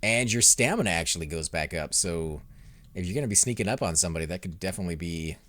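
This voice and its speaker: A young man hosting a let's play, commentating his fights and chatting with viewers, growing loud and excited during combat. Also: deep voice, quick pace, no room sound. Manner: excitable, reacts loudly to in-game fights, talks to chat. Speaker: gaming channel host.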